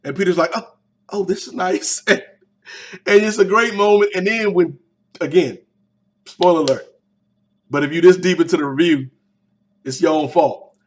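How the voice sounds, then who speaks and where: A young man talks through a movie reaction on his podcast. His voice sits a little high for a man. He keeps it loose and animated, tossing in slangy jokes as he goes. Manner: animated, slangy, quick asides. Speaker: podcast host. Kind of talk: casual movie reaction review.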